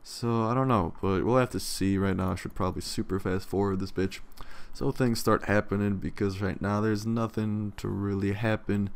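Young male let's-player, low and gravelly, rambling and foul-mouthed, yawning throughout. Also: fairly even intonation, normal speed, few pauses. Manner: rambling, profane, yawning often. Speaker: let's play commentator. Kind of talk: casual gameplay commentary.

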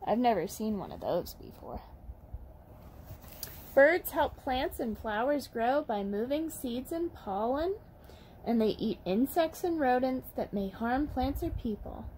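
Animated woman reading to toddlers. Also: fairly high pitch, measured pace, slight background noise. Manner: animated, encouraging, sing-song. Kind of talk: storytime lesson for young children.

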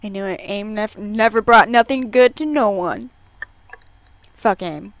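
A woman's voice: medium pitch, a little slow, no echo. A woman in her twenties streaming a game, reading chat lines aloud and reacting with emotional, swear-filled commentary. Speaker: let's play streamer.

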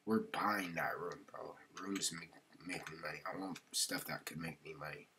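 A man's voice: very deep voice, fairly even intonation, normal speed, very noisy. A man narrating his gameplay casually, slangy and chatty, often muttering or whispering to himself. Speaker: gaming video creator.

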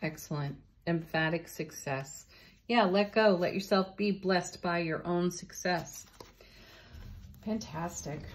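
A woman giving a spiritual tarot and oracle card reading, gentle and encouraging, laughing softly between cards. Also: medium pitch, a little hiss or hum.

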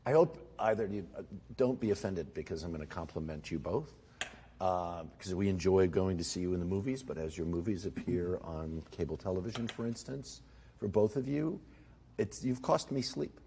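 Older interviewer guy, low mellow voice, halting questions with lots of uh. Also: lively intonation, slight background noise. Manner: halting, slow, fills pauses with 'uh'.

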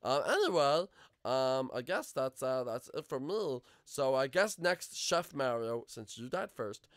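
Excitable gaming YouTuber, rambling role-play narration, animated pitch. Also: male voice, a little slow, no echo. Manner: excitable, rambling, lots of fillers.

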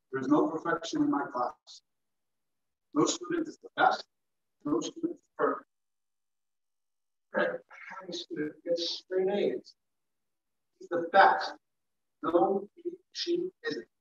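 Lively high-voiced male teacher in an echoey room. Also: creaky. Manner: animated, playful demonstrations to students. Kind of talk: classroom lecture on public speaking. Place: classroom. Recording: echoey classroom from far off, dull.

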